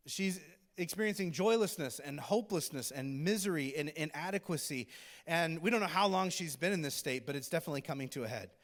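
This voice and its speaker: A man's voice: on the high side, fairly bright tone. A male pastor giving a sermon in a conversational, joking storytelling manner.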